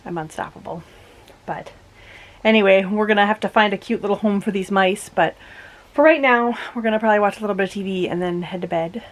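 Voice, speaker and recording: A woman's voice: medium pitch, poor audio. A young woman with a Minnesotan accent chats through a home vlog. She gushes and rambles and leans on fillers as she talks. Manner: chatty and gushing, many fillers. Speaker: vlogger. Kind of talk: casual vlog chat.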